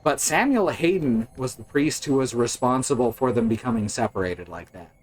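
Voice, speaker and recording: A man's voice: mid-range voice, animated, moderate pace, rough recording. A man chatting casually and joking while he plays a game on a live stream. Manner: wry, joking, narrating his gameplay.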